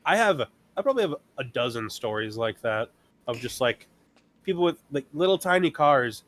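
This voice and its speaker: A man in a relaxed podcast chat, spinning long stories about customers. He acts out the back-and-forth himself in an ordinary, mid-pitched voice. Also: normal speed. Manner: storytelling, acting out customers and himself. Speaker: podcast co-host. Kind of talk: casual chat.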